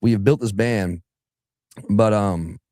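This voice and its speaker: A man's voice: on the low side, takes it slowly, warm tone, dry recording, studio quality. A young adult man from southeastern Alabama, a singer chatting loosely as a guest on a radio show, restarting his sentences and now and then slipping into put-on voices. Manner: rambling, restarts, breaks into voices. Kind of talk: casual radio interview chat.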